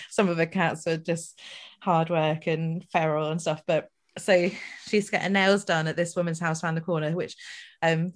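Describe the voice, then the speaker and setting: A woman hosting a podcast, telling a rambling anecdote in casual chat with fillers and asides. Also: fairly low pitch. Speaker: podcast host.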